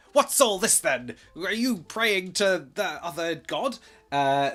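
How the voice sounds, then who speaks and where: Chatty man with a husky voice. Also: mid-range voice. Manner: chatty and rambling, with jokey asides and self-corrections. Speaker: charity stream presenter. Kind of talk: casual slideshow presentation.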